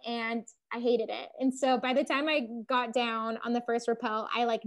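A young woman tells a story in a relaxed conversation. Her voice sits a little high, and she talks in loose runs packed with "like", laughing here and there. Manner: chatty, lots of "like", laughs while telling. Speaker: podcast host telling her climbing story. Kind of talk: casual storytelling chat.

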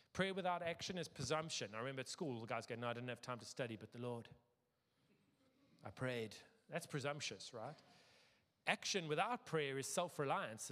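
A middle-aged man preaching a sermon as pastor, lively, acting out quoted voices with sudden jumps in pitch. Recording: long hall reverb.

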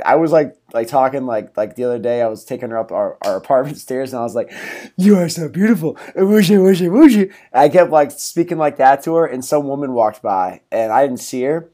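A man's voice: mid-range voice, dark tone. A young man hosting his own podcast in a casual solo talk, upbeat and rambling with lots of fillers and laughs. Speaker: podcast host.

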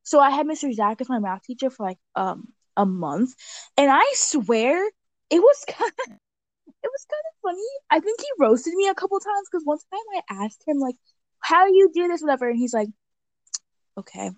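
A woman guest on a podcast chatting casually, animated and laughing often as she acts out quotes. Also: high voice, moderate pace, no room sound. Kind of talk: casual chat.

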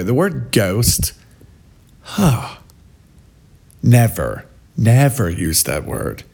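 A man's voice: mid-range voice, a little mellow. A man giving sarcastic, mocking reaction commentary in a scornful tone. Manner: mocking, scornful, drawn-out delivery. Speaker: vlogger.

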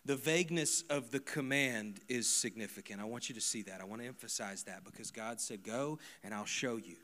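Guy preaching at church, mid-pitch voice, goes soft and personal then loud and punchy with repeated lines. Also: brisk. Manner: swings from quiet, close asides to loud emphatic repetition. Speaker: pastor. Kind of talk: sermon. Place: church service before a congregation.

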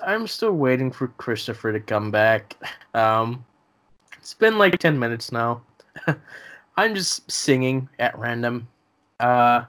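A man's voice: mid-range voice, a bit bright. A young man co-hosting a casual podcast, laughing often and stumbling over restarts. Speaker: podcast co-host. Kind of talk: casual chat.

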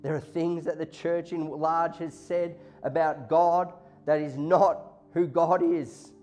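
A man's voice: a little high, fairly even intonation, takes it slowly, darkish tone, highs cut off. A man preaching a sermon to a congregation, impassioned, often acting out God and listeners in quoted lines. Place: church hall before a congregation. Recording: faint music behind.

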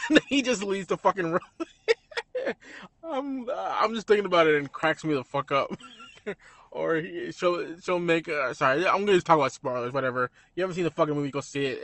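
A man's voice: fairly high pitch, fairly quick, no echo. Young male host, casual film chat, cusses and laughs a lot, dry close sound. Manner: laughs often, swears, animated retelling. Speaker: podcast host.

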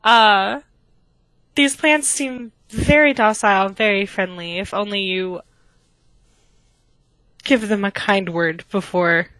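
A woman voicing a gentle, friendly young man who speaks softly and laughs easily. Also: mid-range voice, takes it slowly, long pauses, dry recording, rough recording. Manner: soft-spoken, friendly, giggly. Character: gentle, polite young man, plant-loving.

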